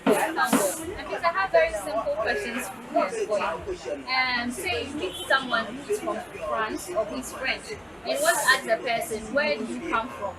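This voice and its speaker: High-pitched female street reporter from Ghana, upbeat, loud crowd behind. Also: expressive, moderate pace. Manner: upbeat, asks passers-by questions. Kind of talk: street interview. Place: outdoors at a busy market. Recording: outdoor street crowd noise.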